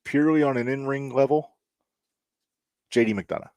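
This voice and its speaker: Co-hosting a laid-back wrestling podcast, a man jokes and chats loosely while moving through the segments, talking to himself as he works. His medium-pitched voice has a darkish tone and a normal speed. The recording is dry.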